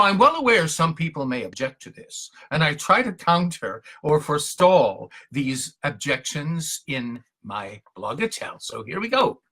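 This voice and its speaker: A man's voice: on the high side, pushed and bright, husky. A man reciting his own poems in a theatrical, emphatic way, between short spoken introductions. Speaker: poet reading his own verse. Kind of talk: dramatic poetry recitation and talk.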